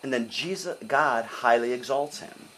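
An older man preaching a sermon in an animated, conversational way, often asking his listeners questions. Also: medium pitch, moderate pace, a little hiss or hum, low-quality recording.

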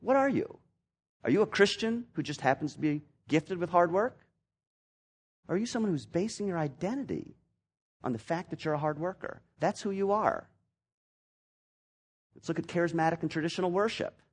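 Male pastor, sermon delivery, husky tone, lively swings from loud to hushed. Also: sits high, moderate pace, pauses often. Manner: animated, acts out voices in quotes, swings from loud to near-whisper.

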